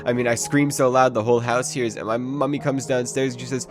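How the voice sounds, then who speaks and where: A man's voice: medium pitch, fairly even intonation, quick pace, few pauses, faint music behind. A man narrating a parody horror story in a mock-serious, absurdly rambling way. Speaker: comedic narrator.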